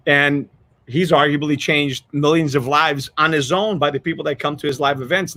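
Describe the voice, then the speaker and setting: A man on the high side of pitch hosts a podcast, his bright voice forceful, with no room sound. Telling a story in casual chat, he rambles earnestly, keeps restarting, and is choked up with emotion.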